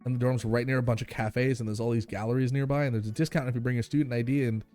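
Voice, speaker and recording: A man voicing an excitable teenage daughter in a game, gushing and squealing as he reads on a live stream. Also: medium pitch, rapid-fire, faint music behind, lightly acted. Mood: eager.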